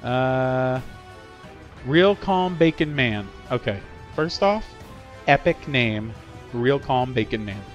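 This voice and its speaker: A middle-aged man hosts a game livestream, giving upbeat, casual commentary, chatting with viewers and cheering players on. He speaks slowly in a medium-pitched voice with lively intonation. The lo-fi audio is slightly dull, with faint game music behind him.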